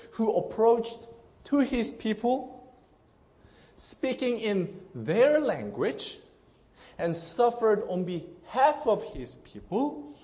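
A man's voice: sits high, warm tone. A male pastor preaching an earnest, emphatic sermon to a congregation, often restarting his phrases.

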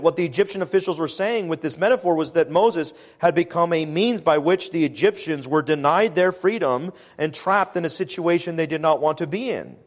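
A man preaching a sermon as pastor, measured and emphatic, slowing down to stress key phrases. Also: on the high side.

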